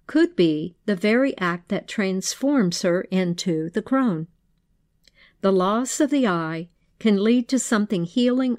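A woman storyteller with a mid-pitched voice who tells an old folk tale in a measured, old-fashioned way. Her narration is recorded close and dry. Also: a little mellow, no echo. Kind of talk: storytelling narration, then reflective commentary.

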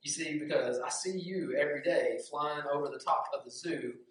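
A man voicing a caged male peacock who speaks quietly and wistfully. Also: on the high side, fast, a little hiss or hum, natural voice. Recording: very echoey room, distant mic.

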